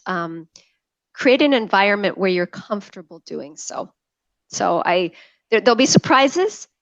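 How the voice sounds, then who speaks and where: A woman's voice: medium pitch, fairly bright tone, no room sound. A woman guest from the conference team, chatting upbeat and promotional on a podcast. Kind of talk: casual podcast conversation. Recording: slightly muffled sound.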